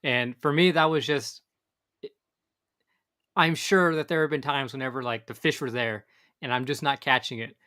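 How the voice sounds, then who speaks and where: Rambling man, bright voice. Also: mid-range voice, fairly even intonation, moderate pace, long pauses. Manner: rambling, many fillers and restarts. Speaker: podcast co-host. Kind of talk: casual chat.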